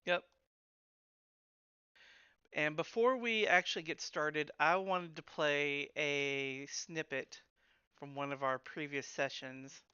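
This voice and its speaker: Game master, man: slow, crisp, dry teasing, lo-fi voice chat. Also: a little high, fairly even intonation, bright, forceful tone, dry recording. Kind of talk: casual chat running a tabletop game.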